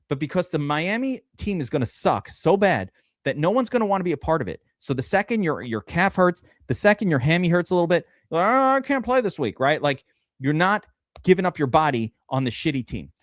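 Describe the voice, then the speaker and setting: A man hosts a live-stream fantasy draft, rambling excitably and swearing as he goes. His voice sits somewhat high and swoops up and down a lot, and the sound is dry and close. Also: no echo. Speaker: streamer host.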